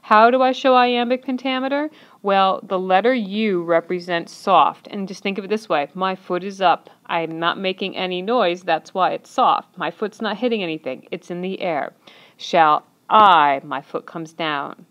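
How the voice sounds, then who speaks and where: A woman's voice: mid-range voice, moderate pace, dull audio. A woman teacher narrating an instructional lesson, patiently counting and clapping out syllables step by step.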